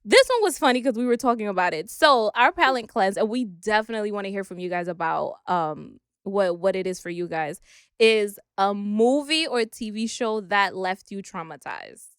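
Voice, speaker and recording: A woman's voice: mid-range voice, animated, normal speed, smooth, dry recording, clean studio sound. A young woman co-hosting a casual podcast chat, blunt and frank, swearing freely. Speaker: podcast co-host.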